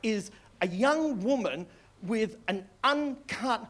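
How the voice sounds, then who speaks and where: A man's voice: sits high, animated, slow, a bit bright. A man with an Australian accent doing live stand-up, rambling through stories and tagging lines with "right?". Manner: rambling storytelling with many "right?" tags and laughs. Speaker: stand-up comedian. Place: small comedy club with live audience.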